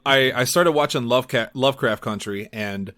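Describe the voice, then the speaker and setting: A man's voice: medium pitch, moderate pace, fairly bright tone. A man hosting a casual comedy podcast, rambling and stumbling through restarts with a chuckle. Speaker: podcast host.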